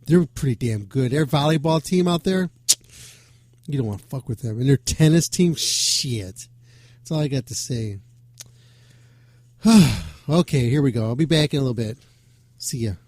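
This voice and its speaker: A man's voice: medium pitch, lively intonation, normal speed, pauses often, darkish tone, no room sound. A man hosting a rock radio show, talking in a loose, joking way and swearing freely. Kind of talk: casual rambling chat.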